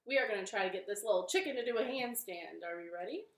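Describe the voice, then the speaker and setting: A female children's librarian reading a storytime from her living room, with a gentle, encouraging manner. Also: mid-range voice, lively intonation, fast, hardly any pauses, reverberant.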